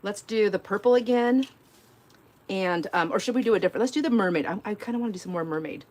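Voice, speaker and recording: A middle-aged woman talks through a relaxed live crafting session at home. She rambles, trips over her words and dissolves into giggles, and her pitch sits in an ordinary middle range. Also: quick pace. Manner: rambling, giggly storytelling with many fillers. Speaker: live-stream crafting host. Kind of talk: casual chat while crafting.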